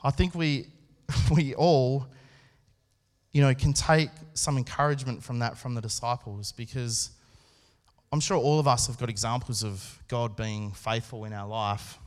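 A man preaching a sermon at a church service, speaking in an earnest, conversational way with pauses and restarts. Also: medium pitch, steady tone. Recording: long hall reverb.

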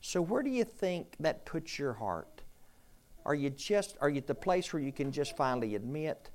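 A man's voice: a little high, sing-song, normal speed. A man leading a conversational sermon as pastor, repeating questions and inviting the group to answer.

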